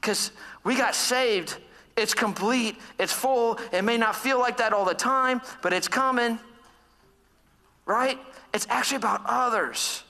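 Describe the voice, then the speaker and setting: A man's voice: very high voice, measured pace, sharp tone. A man in his thirties preaching a sermon, telling a personal story in a self-deprecating way and laughing often. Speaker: pastor. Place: church hall. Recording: long church reverb.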